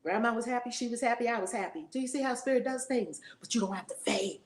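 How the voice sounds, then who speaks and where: A woman's voice: on the high side, fast, a little hiss or hum. A woman in her forties teaching a spiritual lesson in a fiery, preacher-like way, acting out voices. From United States.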